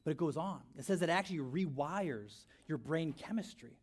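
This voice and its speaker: A man preaching a sermon, animated, full of rhetorical questions and repeated phrases. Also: a little high, normal speed. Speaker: pastor.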